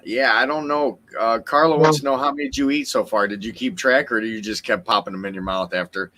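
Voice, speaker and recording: Bright-voiced man hosting a stream. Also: medium pitch, fast. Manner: easygoing, asks the guest questions. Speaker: livestream host. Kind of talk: casual livestream chat.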